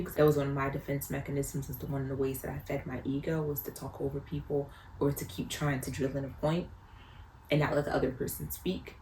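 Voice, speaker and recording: A woman's voice: extremely low pitch, little pitch movement, a little fast, darkish tone. A mother talking casually to camera about parenting, earnest and reflective, often repeating phrases for emphasis. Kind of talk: casual advice talk to camera. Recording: roomy echo, faint background noise.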